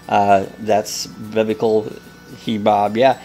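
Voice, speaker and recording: A man's voice: fairly low pitch, steady tone, a little slow, darkish tone, faint music behind. A man hosting a live coffee chat, blunt and jokey, laughing often as he reads viewer comments. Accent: American.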